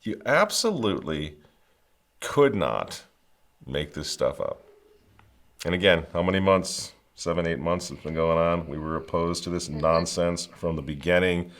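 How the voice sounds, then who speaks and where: A man's voice: sits low, lively intonation, a little slow, a bit bright. A man hosting political commentary, mocking and sarcastic with wry asides. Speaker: host.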